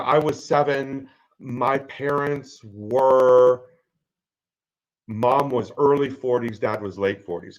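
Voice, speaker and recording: A man in his fifties telling a personal story in a halting, earnest way, with many pauses and fillers. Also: on the low side, highs cut off. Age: 50s. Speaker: guest sharing his story.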